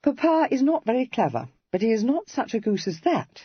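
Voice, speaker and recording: A woman's voice: a little high, very animated, slightly rough, no echo, lo-fi sound, voice pushed up. Narrator voicing a teasing young Regency lady. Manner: playful, teasing, quick-witted. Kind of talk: audiobook character reading.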